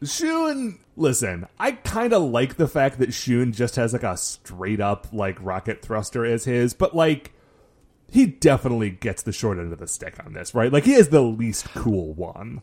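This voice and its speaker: Man co-host, casual recap, expressive rising and falling delivery. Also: medium pitch, a little slow. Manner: animated, acts out quotes, many "like" fillers. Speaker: podcast co-host. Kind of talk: casual chat recapping a show.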